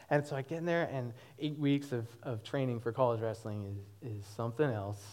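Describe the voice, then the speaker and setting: Laughing often and full of energy, a young man in his twenties recounts his personal testimony before a church congregation. His pitch is medium and his pace moderate.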